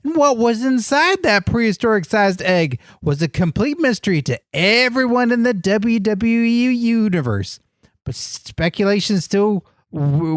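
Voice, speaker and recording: A man's voice: high-pitched, no room sound, clean studio sound. A man co-hosting a comedy podcast, earnestly enthusiastic in a goofy way. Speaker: podcast co-host. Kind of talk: comedic banter.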